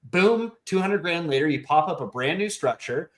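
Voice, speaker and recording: A man's voice: fairly high pitch, lively intonation, normal speed, hardly any pauses, a bit bright. Blunt, ranting man host, profane. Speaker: show host and real estate investor. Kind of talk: round table discussion.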